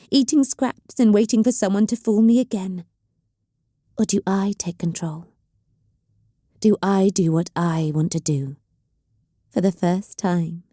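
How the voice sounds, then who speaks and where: A woman's voice: medium pitch, dry recording, clean studio sound, voice pushed up, lightly acted. A woman voicing a bitter, volatile young female psyker cultist who hisses and snarls in anger. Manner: hissing, snarling, shouting in anger.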